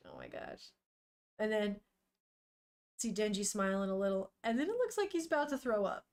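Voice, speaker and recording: On a live stream, a young woman reads manga out loud, with a medium-pitched voice, a moderate pace, and frequent pauses. She reacts along the way, says hello to her chat, and stays animated and unfiltered, swearing often and laughing plenty.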